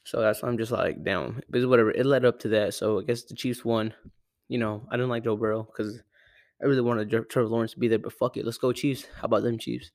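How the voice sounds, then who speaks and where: A man's voice: medium pitch, flat delivery, fast talker, darkish tone, no echo, clean studio sound. A young man from Arizona rambling through a casual, profane sports rant at home, often correcting himself. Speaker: sports podcaster. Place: home room with a cat. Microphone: close desk mic.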